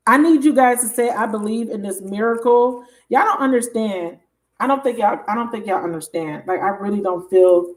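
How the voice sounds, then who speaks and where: Woman tarot reader, casual to camera, excitable and foul-mouthed, speaking in a mid-range voice. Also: mid-range voice, moderate pace. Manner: excitable, emphatic, swears freely, addresses viewers directly.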